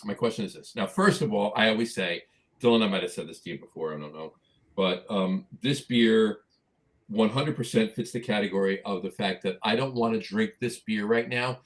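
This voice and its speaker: A man with a New Jersey accent co-hosting a casual podcast, talking eagerly and repeating phrases for emphasis. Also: fairly low pitch. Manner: enthusiastic, repeats himself for emphasis. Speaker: podcast co-host. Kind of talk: casual chat.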